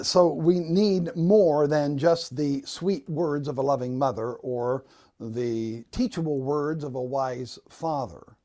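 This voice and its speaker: A man gives a devotional talk in a slow, unhurried way. His voice is mellow and soft-edged. He tells the story in a folksy, gently humorous manner. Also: on the high side. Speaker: pastor giving a devotional.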